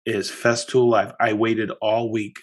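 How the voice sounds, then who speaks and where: A man hosting a podcast, talking casually and telling animated stories with lots of restarts. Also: on the low side, measured pace. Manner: animated storytelling, chatty with many restarts. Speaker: podcast host. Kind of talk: casual chat.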